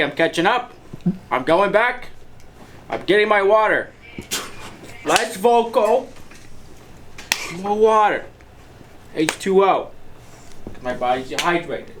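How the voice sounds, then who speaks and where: A man in an office comedy skit, deadpan and defensive as he makes excuses. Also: high-pitched, slow pace, pauses often, a little hiss or hum. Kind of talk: mockumentary comedy acting.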